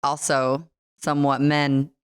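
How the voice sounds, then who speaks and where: A man's voice: fairly high pitch, completely flat delivery, measured pace, smooth. A man co-hosting a podcast, agreeing often and adding his own everyday examples. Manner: agreeable, adds examples, many short backchannels. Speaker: podcast co-host. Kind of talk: casual podcast chat.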